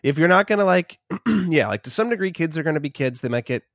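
A young man co-hosting a casual podcast, agreeing in a relaxed, casually profane way. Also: on the high side, fast, no room sound, studio quality. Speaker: podcast co-host.

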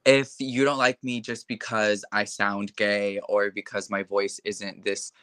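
A young man speaks as a guest in a relaxed interview, frank and chatty and full of casual fillers. His voice sits a little low and has a bright, forward edge. The sound is dry and close, with no room around it. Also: measured pace, smooth, dry recording. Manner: frank, chatty, many fillers like "like" and "you know". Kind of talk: casual conversation.

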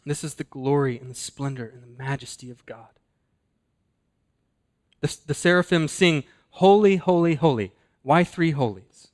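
Man, pastor, mid-pitched voice, earnest sermon delivery, slows and hushes for emphasis.

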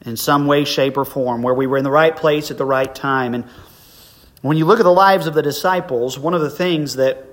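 A middle-aged man preaches a sermon, telling stories from the pulpit in a relaxed, conversational way. His voice sits a little on the high side. He builds to emphatic peaks when making a point. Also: normal speed. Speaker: pastor.

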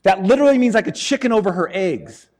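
High-voiced, joking male preacher. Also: fast talker, big-room sound. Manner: animated, joking and conversational. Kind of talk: sermon.

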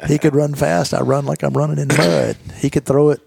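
A man's voice: on the high side, level tone, fairly quick, gravelly, noisy background. A man in his fifties, a golf professional telling his stories as a guest in a casual interview, earnest and rambling, often repeating himself.

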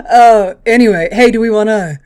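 A woman's voice: medium pitch, darkish tone. A woman in her thirties co-hosting a podcast in casual chat, joking, laughing and swearing freely. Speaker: podcast co-host.

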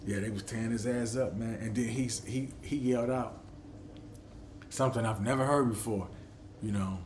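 A man's voice: mid-range voice, normal speed. Middle-aged guy rambling on his podcast, swears a lot, acts stuff out, faint hum behind. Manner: animated storyteller who acts out quotes; loose and profane. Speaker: podcast host. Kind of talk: casual podcast monologue.

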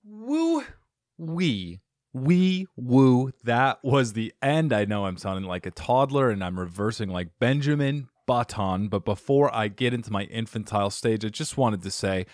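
A playful podcast host talks in a lowish voice, hopping between thanks and goofy bits. The sound is close and dry, with no room around it. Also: male voice, normal speed, few pauses, dry recording. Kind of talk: casual podcast chat and outro.

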